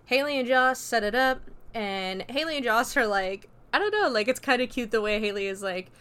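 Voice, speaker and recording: A woman's voice: a little high, expressive, moderate pace, a bit bright, smooth. A woman casually recapping a movie plot in a chatty, loose way, full of "like" and "you know" and freely dropping swear words. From America. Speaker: movie reviewer.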